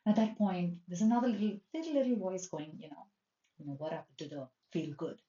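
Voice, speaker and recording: Chatty woman coach, lowish voice. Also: fairly quick. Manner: chatty and expressive, acts out her own thoughts. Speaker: life coach and therapist. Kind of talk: casual personal storytelling. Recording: roomy, distant, dull sound.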